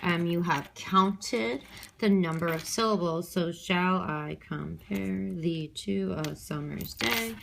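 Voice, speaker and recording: A woman's voice: lowish voice, a bit bright, slight background noise. A woman teacher recording an extra help lesson on her handheld phone, thinking aloud step by step with many ums and okays.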